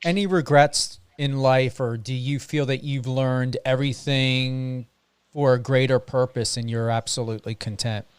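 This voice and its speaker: A man from the United States hosting an interview, chatty with animated asides. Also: medium pitch, normal speed, clear, resonant tone, no echo. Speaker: interview host. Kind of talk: casual interview chat.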